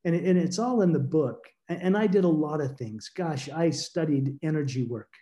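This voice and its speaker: A guest author recounts a personal story during an interview, sounding earnest and reflective in a slightly high, mellow voice. He speaks haltingly, repeating words as he searches for them, especially when emotional.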